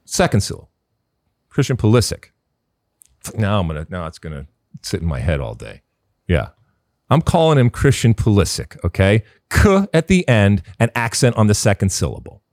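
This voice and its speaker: A man's voice: lowish voice, big pitch swings, fairly quick, darkish tone, dry recording, studio quality. A middle-aged man hosting a casual sports podcast, talking emphatically and with strong opinions, full of fillers and restarts. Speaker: podcast host.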